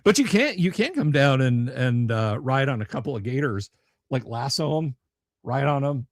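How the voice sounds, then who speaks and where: A man's voice: medium pitch, big pitch swings, moderate pace, no echo. A man hosting a casual live stream from a home studio, rambling and joking with viewers, with stammering restarts. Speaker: livestream host.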